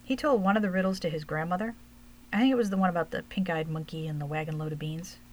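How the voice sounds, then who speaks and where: A woman reading aloud as a forward, quick-witted young gnome boy who rambles eagerly through his storybook riddles. The voice sits fairly low and even. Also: lightly acted, rough recording. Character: young male gnome, cocky chatterbox.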